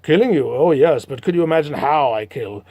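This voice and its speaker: A man voicing a talky, sadistic male demon villain from a comic, low and slow. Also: lively intonation, darkish tone, no echo. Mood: menacing.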